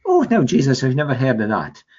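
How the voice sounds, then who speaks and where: A man voicing a gullible local male radio interviewer, high and incredulous. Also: wildly swooping pitch, brisk, a little mellow, dull audio. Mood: astonished.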